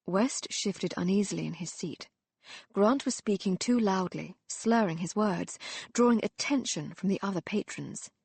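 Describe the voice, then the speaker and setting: A woman reading a romance novel aloud as an audiobook narrator, in a measured, expressive storytelling manner. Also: fairly low pitch, gravelly, husky, dry recording.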